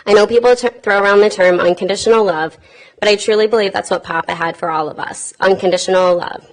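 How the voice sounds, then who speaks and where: A young woman in her twenties reads a eulogy in a funeral chapel. She is tender and heartfelt, with touches of light humor. Her voice sits at a middle pitch. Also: low-quality recording. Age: 20s. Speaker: granddaughter giving a eulogy. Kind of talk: read eulogy.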